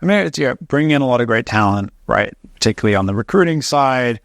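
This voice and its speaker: A man's voice: medium pitch, lively intonation, fast talker, gravelly, no room sound, clean studio sound. A man appearing as a company CEO guest on a podcast, answering questions in an easygoing, conversational storytelling way. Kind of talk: podcast interview.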